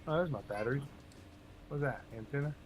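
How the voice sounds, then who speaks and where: A man's voice: medium pitch, brisk. Casual man chatting while gaming. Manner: joking, muttering while playing. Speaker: streamer. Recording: game sounds and faint noise behind.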